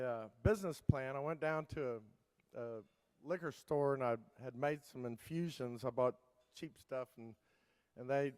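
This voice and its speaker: A man's voice: fairly high pitch, smooth. Rambling man telling a story in a hall. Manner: rambling, many fillers and restarts. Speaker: keynote speaker. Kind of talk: storytelling keynote talk. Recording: long hall reverb.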